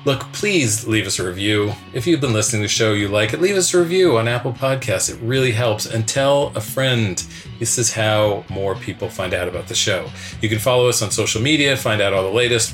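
A man hosting a podcast, reading stage directions and then signing off in a relaxed, conversational way. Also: on the low side, moderate pace, soft background music. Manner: relaxed, conversational, some restarts. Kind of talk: scripted narration and podcast sign-off.

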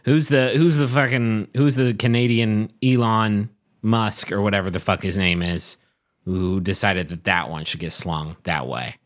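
A man co-hosting a podcast, chatting casually and joking, swearing freely and jumping into high mock voices. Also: a little slow. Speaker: podcast co-host. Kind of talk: casual chat recapping a reality show.

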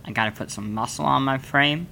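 A man in his twenties co-hosting a casual comedic podcast, talking with wry, deadpan-ish delivery. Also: medium pitch, a little fast, creaky, a little hiss or hum. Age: 20s. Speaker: podcast co-host.

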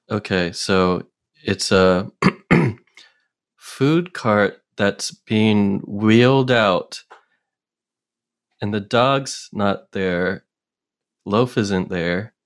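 A man co-hosting a comedy podcast over a video call, making dry, low-key quips. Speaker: podcast co-host.

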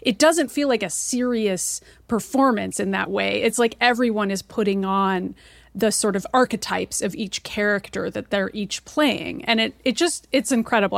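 A woman's voice: medium pitch, gravelly, dry recording, studio quality. A woman co-hosting a podcast, talking enthusiastically in casual chat. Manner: enthusiastic, animated retelling. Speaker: podcast co-host.

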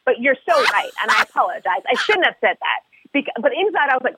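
A woman guest-hosting a podcast, telling a story in casual chat. She is lively and sheepish and acts out her own lines as dialogue. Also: high-pitched, fast talker, very noisy. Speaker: guest host. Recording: dry, phone-like line.

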